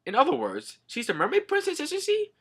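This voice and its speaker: A man putting on a squeaky lecherous skeleton. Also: huge pitch swings, fairly quick, a bit bright, heavily acted. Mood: cheeky. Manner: polite, high and squeaky, cheeky. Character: goofy, lecherous old male skeleton gentleman.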